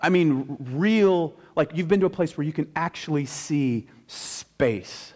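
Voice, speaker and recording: A male pastor giving a conversational sermon, stressing key phrases slowly and emphatically. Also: a little high, a little mellow.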